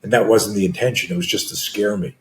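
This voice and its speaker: Man in his sixties, lowish voice, lively storyteller, roomy echo. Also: fast talker, a little hiss or hum. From Canada. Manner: animated, acts out scenes with screams and gasps. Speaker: guest, self-defense coach. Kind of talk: storytelling in a conversation.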